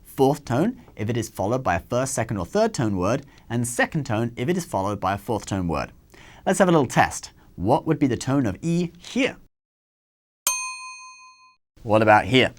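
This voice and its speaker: A man hosting a scripted language lesson, explaining rules clearly and saying example words slowly and carefully. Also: medium pitch, sing-song, slight background noise. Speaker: host and Chinese language teacher.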